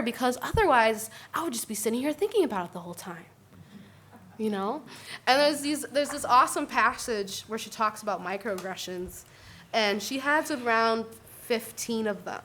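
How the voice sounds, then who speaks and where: Bright animated woman on a panel. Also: on the high side, normal speed, slight background noise. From Puerto Rican family. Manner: animated, tags points with "right?". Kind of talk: panel discussion.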